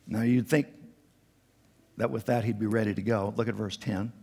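A male pastor preaching a sermon, animated and acting out the quotes with a raised voice. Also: quick pace, creaky, slightly rough. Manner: animated, acts out quotes with raised pitch and volume. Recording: long reverb in a large hall.

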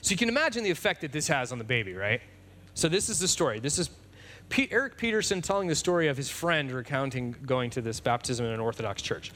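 Animated pastor preaching conversationally. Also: male voice, mid-range voice, quick pace, a little hiss or hum. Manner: conversational, with fillers and restarts. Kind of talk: sermon.

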